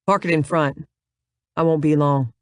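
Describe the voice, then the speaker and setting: Brief: irritated man, curt and blunt, low register, read by a female narrator, audiobook. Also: fairly even intonation, unhurried, no echo, studio quality.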